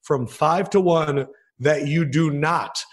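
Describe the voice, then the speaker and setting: A man's voice: on the high side, slow pace. A man hosting a podcast interview, reacting with enthusiasm and asking questions. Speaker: podcast host.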